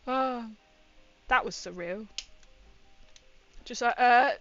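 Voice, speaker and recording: A woman's voice: a little high, takes it slowly, fairly bright tone, muffled recording, soft background music. A young woman chatting casually on a livestream while building a model, rambling and often laughing.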